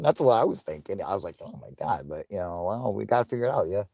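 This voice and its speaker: Man, live stream host, lively swings in pitch, dry close sound, profane rambling chat. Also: fast talker, few pauses, dry recording. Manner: profane, rambling, laughs often. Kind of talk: casual live chat with viewers.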